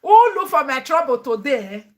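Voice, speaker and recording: A woman's voice: high-pitched, very animated, normal speed. A woman with a Nigerian accent, a mother chatting animatedly in a family vlog, laughing often and mixing English with pidgin.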